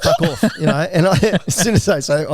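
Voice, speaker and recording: A man's voice: fairly high pitch, quick pace, dry recording, clean studio sound. A middle-aged man chatting as a podcast guest, telling stories with lots of laughter and swearing. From Australia. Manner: laughing, profane storyteller. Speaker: guest jockey. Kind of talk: casual podcast chat.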